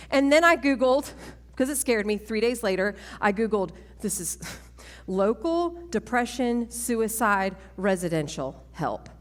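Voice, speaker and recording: A woman in her 40s, speaking at a women's church event, gives a sermon-style testimony in a fairly high voice. She's animated and self-mocking, laughing often, and her words carry a long reverb from a large church hall.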